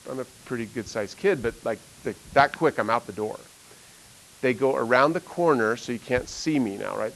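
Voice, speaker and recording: A middle-aged male teacher talks to his class, rambling with many fillers and frequent laughs. He talks at an ordinary pitch for a man, recorded in a classroom. A faint hiss sits under the recording. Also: rough recording. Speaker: math teacher. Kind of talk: classroom storytelling.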